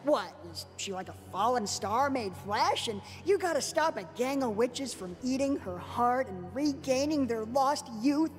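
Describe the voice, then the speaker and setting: Female actor: deadpan snarky male swordsman in a parody cartoon, high, music underneath. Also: measured pace, hardly any pauses. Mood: sarcastic. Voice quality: sarcastic, deadpan. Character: sarcastic young male swordsman, dry and snarky. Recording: reverberant with background music.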